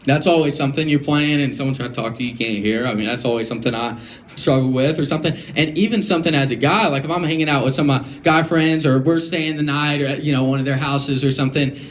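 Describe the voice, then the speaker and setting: A man's voice: medium pitch, quick pace. A young man giving a casual, conversational talk to students, full of fillers and restarts and questions to the audience. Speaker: guest speaker. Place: school classroom or hall.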